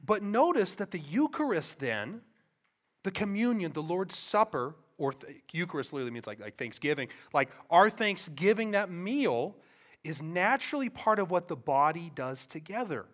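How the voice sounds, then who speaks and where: A man preaching in a church with a notably high voice. He moves between hushed reflection and loud emphasis, often checking in with rhetorical questions and relaxed asides. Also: normal speed. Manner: impassioned, swings from soft to loud emphasis. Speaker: pastor. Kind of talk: sermon.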